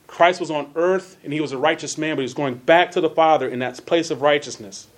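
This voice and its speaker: Here a man with a slightly high voice teaches a church Bible class. Earnest in tone, he repeats phrases for emphasis and reads scripture slowly, leaning on stressed words.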